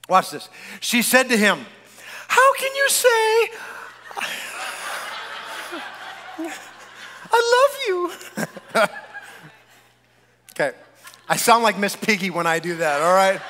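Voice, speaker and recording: A male pastor delivers an animated sermon, teasing and addressing the congregation directly. His voice sits high and sounds bright and forceful. A long church-hall reverb trails his words. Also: slight background noise. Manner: animated, joking preacher speaking straight to the congregation. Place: church sanctuary.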